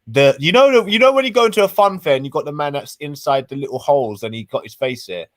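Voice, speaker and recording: A man's voice: a little high, expressive, fast talker, no echo. A young man, teasing and chatty as he co-hosts a casual livestream. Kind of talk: casual online chat.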